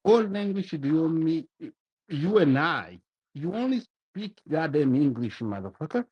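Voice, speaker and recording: A man's voice: fairly high pitch, very animated, unhurried, breathy edge, no room sound. A man from Kenya with a Kenyan accent, calling in to a show and arguing heatedly, repeating words to break in. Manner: insistent, repeats words to cut in. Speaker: caller. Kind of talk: heated call-in argument. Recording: muffled phone line.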